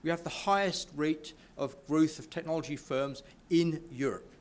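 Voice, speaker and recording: A man's voice: fairly high pitch, normal speed. Enthusiastic British man giving a speech. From United Kingdom. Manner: enthusiastic, stumbles and restarts often. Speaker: speaker at a business networking event. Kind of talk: informal speech to an audience. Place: event room with a live audience.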